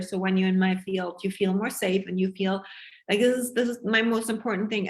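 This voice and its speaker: Woman coach going live to her group, fired up and emphatic, swears a lot. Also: mid-range voice. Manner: passionate, emphatic, swears freely. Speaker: business coach. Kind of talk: live sales pitch to an online group.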